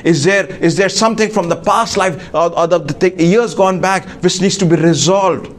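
A man preaching a sermon to a congregation, halting with many fillers and restarts. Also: high voice. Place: church.

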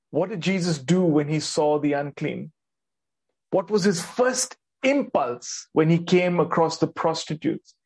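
A man delivers a sermon in a slightly raised, husky voice. He preaches earnestly, asks his listeners questions and repeats lines for emphasis. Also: fairly high pitch, a little mellow. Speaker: pastor.

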